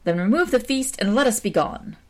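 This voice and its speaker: A woman's voice: a little high, sing-song, brisk, voice pushed up. A woman voicing a kindly young male archer in a read-aloud folk tale, speaking in archaic formal phrasing. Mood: earnest.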